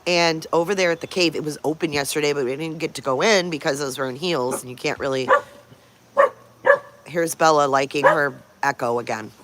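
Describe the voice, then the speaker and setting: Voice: mid-range voice, a little fast, background noise. A livestream host chatting casually over morning coffee, stopping often to greet viewers by name and to coo at pet dogs.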